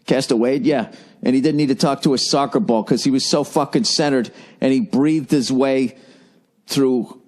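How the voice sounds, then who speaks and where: A man's voice: mid-range voice, moderate pace, darkish tone. A middle-aged man with a Boston accent hosting a solo podcast, ranting in a rambling, sarcastic and profane way. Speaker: podcast host. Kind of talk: solo comedic podcast rant.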